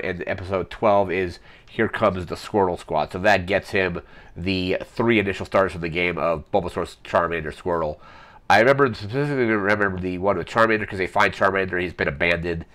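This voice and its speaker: A man's voice: deep voice, a bit bright. A man hosting a retro show, recapping episodes in a casual, rambling way with many ums and self-corrections. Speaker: podcast host.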